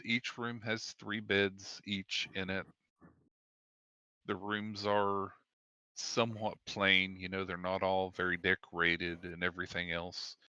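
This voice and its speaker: Low-voiced man narrating as game master. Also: sharp tone, clean tone, dry recording, highs cut off. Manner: descriptive, with fillers and restarts.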